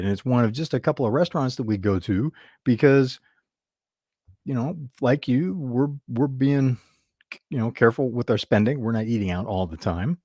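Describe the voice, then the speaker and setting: A man's voice: fairly low pitch, brisk, darkish tone, no echo. Chatty man telling a story, dry sound. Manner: storytelling, chatty, with restarts and quoted dialogue. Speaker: business show host. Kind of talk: casual talk to camera.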